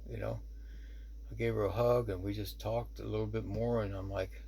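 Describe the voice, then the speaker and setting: A man's voice: lowish voice, level tone, normal speed, vocal fry, dark tone, a little hiss or hum. A man who works as a shaman telling a true story in a rambling, conversational way, full of "you know" asides. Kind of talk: casual spoken storytelling.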